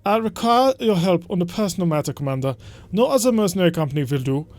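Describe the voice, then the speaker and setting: A man's voice: sits high, expressive, quick pace, darkish tone. A man voicing a scheming, smug aristocratic count in a put-on German accent, haughty and theatrical. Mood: scheming, gloating.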